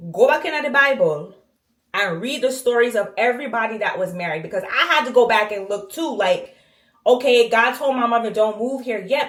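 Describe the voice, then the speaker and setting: Animated woman vlogger in echoey bathroom. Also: on the high side. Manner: animated, acts out quoted voices, slangy. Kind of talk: casual storytime while cleaning. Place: home bathroom.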